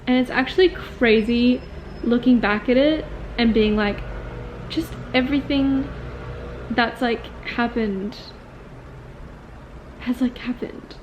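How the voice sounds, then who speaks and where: A woman's voice: fairly high pitch, slow pace, long pauses, highs cut off, a little hiss or hum. Chatty young woman vlogger, rambling. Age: 20s. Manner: chatty and rambling, full of "like" fillers. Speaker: vlogger and acting student. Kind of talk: casual confessional vlog talk.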